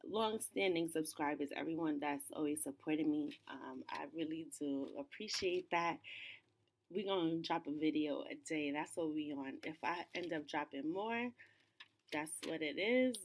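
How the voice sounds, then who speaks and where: A woman's voice: deep voice, a little mellow. Chatty slangy woman hosting off camera. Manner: chatty, loose, slangy, with frequent "you know" and "um". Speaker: host, cultural commentator. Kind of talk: casual pop-culture commentary. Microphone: off camera, voice-over.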